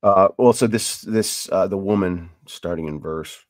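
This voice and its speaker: Animated, rambling low-voiced man. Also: a little slow, dry recording, clean studio sound. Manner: animated and rambling, with many restarts and emphatic bursts. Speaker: podcast host. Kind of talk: casual Bible teaching podcast.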